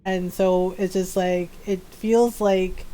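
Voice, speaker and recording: A woman streamer chatting casually while playing a game, animated, laughing often and mimicking characters as she tells a story. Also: on the low side, takes it slowly.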